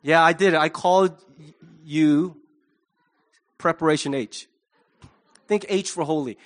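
A male pastor with a high, light voice delivers a sermon in a relaxed, conversational way. He jokes with the congregation and acts out little scenes as he goes. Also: unhurried. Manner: conversational and humorous, with acted asides. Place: church.

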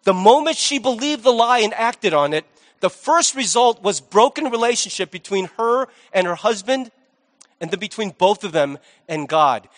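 A male pastor delivers a sermon in a loose, conversational way, dropping jokey asides between points. His voice sits fairly high for a man. A long reverb from a large church hall hangs behind him. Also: expressive, normal speed.

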